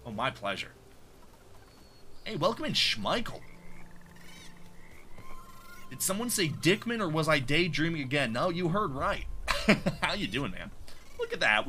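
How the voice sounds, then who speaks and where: A man's voice: a little high, sing-song, normal speed, pauses often, bright, forceful tone, a little hiss or hum. A man streaming a game live, chatting casually, reacting aloud and greeting viewers in chat. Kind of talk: live gameplay commentary.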